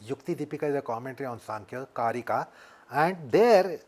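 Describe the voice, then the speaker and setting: Speaking at a medium pitch with a darkish, expressive tone, this Indian English-accented yoga teacher lays out his ideas deliberately in an interview. He returns to his key points more than once.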